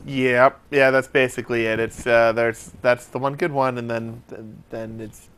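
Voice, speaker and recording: A man's voice: medium pitch, little pitch movement, moderate pace, fairly bright tone, smooth. A man co-hosting a casual comedy talk show, joking around animatedly and swearing freely. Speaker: co-host.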